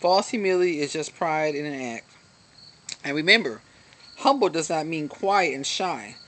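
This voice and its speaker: With lively intonation and a moderate pace, a woman with a low, fairly bright voice reads from a book in an encouraging self-help talk, filmed on a hand-held camera at arm's length. She uses many ums and little asides, and faint crickets and slight noise sit in the background.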